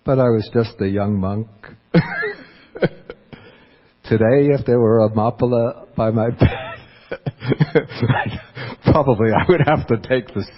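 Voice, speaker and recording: A man's voice: mid-range voice, takes it slowly, long pauses. A man who is a Buddhist monk, telling a personal story in a dharma talk and chuckling often as he goes. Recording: dull lo-fi recording.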